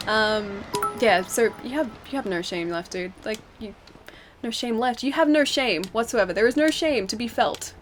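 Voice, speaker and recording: A woman game streamer talks in a fairly high, bright voice, full of giggles and loose tangents. She chats casually with her viewers from home, with a faint hum behind her. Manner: giggly, chatty, rambling. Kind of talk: casual live-stream chat. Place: home, wrapped in a blanket.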